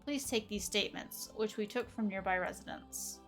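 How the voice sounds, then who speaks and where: A woman's voice: mid-range voice, moderate pace, fairly bright tone, natural voice. A woman voicing a polite investigator drone in her own plain voice, formal and matter-of-fact, over faint music.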